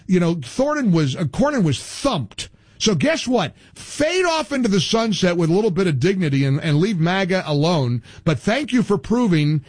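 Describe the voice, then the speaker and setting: A man's voice: high voice, husky, no echo. A middle-aged man hosting a talk radio show, talking emphatically with lots of restarts. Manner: emphatic, animated, frequent restarts. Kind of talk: political talk radio banter.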